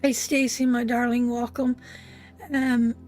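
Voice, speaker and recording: A woman's voice: fairly high pitch, level tone, a little slow, darkish tone, soft background music. A woman giving an emotional live tarot reading, speaking tenderly and directly to her viewers. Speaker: tarot reader.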